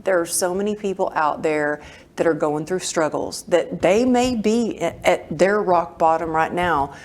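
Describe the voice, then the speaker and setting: A woman's voice: on the low side, a little slow. A woman hosting a podcast interview, effusive and enthusiastic as she introduces and questions her guest. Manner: effusive, enthusiastic, emotional reactions. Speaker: podcast host.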